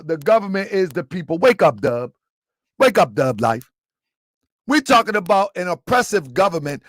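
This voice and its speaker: A man's voice: sits high, fairly bright tone, no echo. A man hosting a live commentary, talking emphatically, repeating his points and quizzing his listeners. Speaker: commentary channel host.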